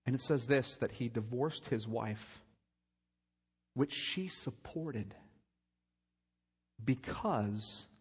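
A man's voice: fairly low pitch, darkish tone, slightly rough. A male pastor preaching a sermon, emphatic, repeating phrases and pressing his listeners with rhetorical questions. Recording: long reverb of a large church hall.

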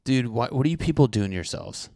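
A young man reacting to a dating show clip in crude, excitable commentary, often swearing and acting out what people are thinking. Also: mid-range voice, fairly quick, vocal fry, no room sound, studio quality. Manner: excitable, swearing, mock-narrating others' thoughts.

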